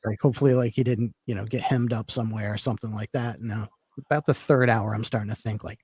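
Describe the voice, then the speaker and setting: A man's voice: on the low side, steady tone, fast talker, a little mellow, slightly rough, no room sound. A man telling a long personal story in casual talk, rambling with lots of fillers. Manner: rambling, filler-heavy, laid-back. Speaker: podcast guest telling a story.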